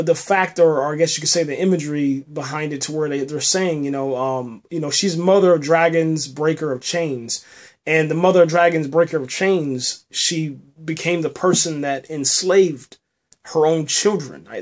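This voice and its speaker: Halting man recapping a TV episode. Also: on the high side. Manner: halting, many restarts, says "man" often. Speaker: podcast host reviewing a TV episode. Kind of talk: casual spoken review.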